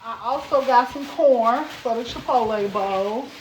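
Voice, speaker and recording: Animated mom vlogger in an echoey room. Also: female voice, on the high side, a little slow, a little hiss or hum. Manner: animated, playful, calls viewers baby and girl. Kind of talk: casual chat to camera. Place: at home. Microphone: camera set up on a stand. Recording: roomy echo.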